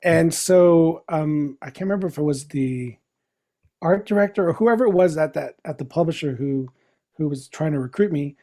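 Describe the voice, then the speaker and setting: A middle-aged man with a notably high voice for a man, telling stories in a casual podcast chat. He is animated and laughs often, slipping into other people's lines as he goes. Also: normal speed. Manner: animated, laughing storyteller who acts out quotes. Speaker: podcast guest, comic writer. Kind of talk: casual anecdotal storytelling.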